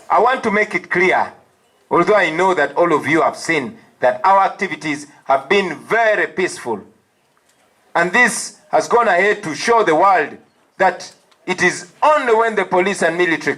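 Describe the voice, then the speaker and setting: A man with a Ugandan accent giving a firm, emphatic press statement as an opposition party leader, defiant and deliberate. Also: on the high side, bright, forceful tone, rough recording.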